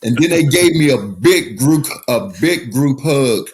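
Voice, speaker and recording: A man appears as a guest on a recovery podcast, speaking at an ordinary middle pitch with a darkish tone, animated but unhurried. He tells his story openly and unguardedly, swearing freely, and the studio sound is close and clear.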